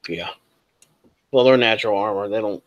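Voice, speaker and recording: A man's voice: on the low side, moderate pace, dull audio. A man narrating as game master of a tabletop game, in a laid-back way.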